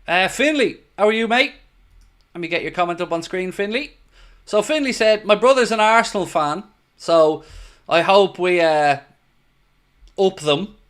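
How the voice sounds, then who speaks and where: A man's voice: sits high, lively intonation, a little slow, pauses often, a bit bright, smooth. A young Irish man hosting a football watchalong stream, chatting casually and reading out viewer comments. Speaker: watchalong host.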